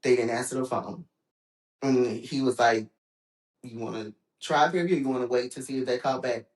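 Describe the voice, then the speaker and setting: A woman from Texas, a podcast guest, telling stories in a casual chat with frequent laughs and quoted voices. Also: normal speed. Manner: animated, laughs often, acts out quotes in a high voice. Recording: roomy echoing room.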